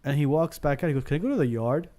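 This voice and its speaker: A man's voice: on the high side, very fast. A man in his thirties telling a ghost story in a casual podcast chat, acting out the dialogue and often restarting his sentences. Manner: animated, acts out dialogue, frequent restarts.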